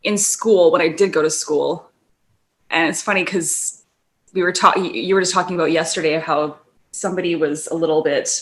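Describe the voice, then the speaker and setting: A woman's voice: deep voice, fairly even intonation, normal speed. A young woman co-hosting a casual podcast chat, rambling, breaking off mid-thought and laughing often. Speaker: podcast co-host.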